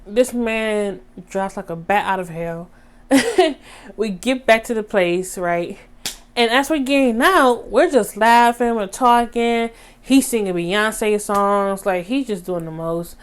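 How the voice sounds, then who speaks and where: Animated young woman telling a story. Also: takes it slowly, clear, resonant tone. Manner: animated, dramatic retelling with sudden high squeaks; slangy, talks straight to viewers. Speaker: vlogger. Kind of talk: casual storytime.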